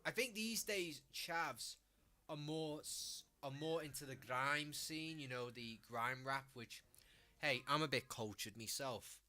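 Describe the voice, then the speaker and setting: Sweary Scouse man with a bright voice. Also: mid-range voice, a little slow. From Liverpool, England. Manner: blunt, sweary, mocking. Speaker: streamer. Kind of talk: casual ranting commentary.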